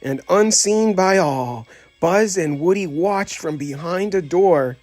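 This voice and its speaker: Slow and high-voiced, a male audiobook narrator reads a children's story from a script, performing every character with expression. The recording is dry, and faint music plays behind him.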